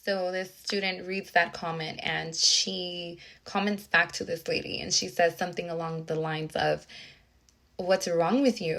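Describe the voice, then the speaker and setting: Earnest young woman, low voice. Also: little pitch movement, unhurried, a bit bright. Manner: earnest, reflective, with many restarts and quoted dialogue. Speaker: teacher. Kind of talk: personal storytelling, emotional.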